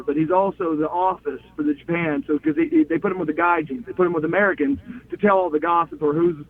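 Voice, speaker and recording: A middle-aged man and former pro wrestler telling excited stories as an interview guest, stumbling over restarts and acting out quotes. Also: a little high. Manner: excited, repeats words and restarts, acts out quotes. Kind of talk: animated storytelling in an interview. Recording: phone-like line with faint hiss.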